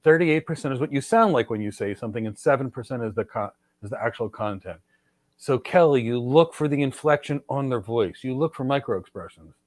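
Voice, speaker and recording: A man's voice: medium pitch, expressive, a little fast, no room sound. A middle-aged man hosting a podcast, giving career advice in an emphatic, lecturing way and often addressing listeners directly. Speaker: podcast host and cloud architecture mentor. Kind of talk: energetic advice talk.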